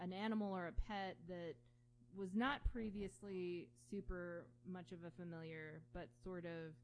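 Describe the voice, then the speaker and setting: Woman co-hosting a chatty podcast, animated, acts out voices, slight background hum. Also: lowish voice. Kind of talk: casual chat.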